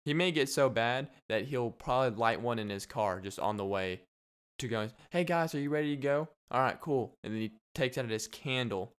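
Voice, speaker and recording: A man's voice: fairly low pitch, fairly bright tone, clear, resonant tone. A young man hosting a casual solo podcast, rambling and joking with frequent laughs. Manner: rambling, jokey, laughs often. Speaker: podcast host.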